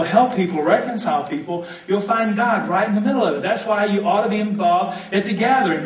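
A man preaching a sermon in a church, joking and leading the congregation in call-and-response. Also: high voice. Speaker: pastor. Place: church hall. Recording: echoey hall, mic at a distance.

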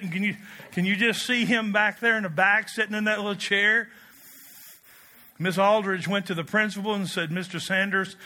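A man preaching a storytelling sermon in an animated, joking way, swinging up to excited shouts. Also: sits high.

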